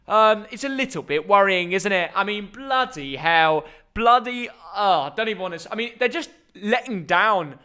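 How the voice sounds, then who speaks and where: A young English man, chatty and excitable, hosting a live football reaction stream and bantering with viewers at home. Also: high-pitched, normal speed, hardly any pauses, clean tone. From England.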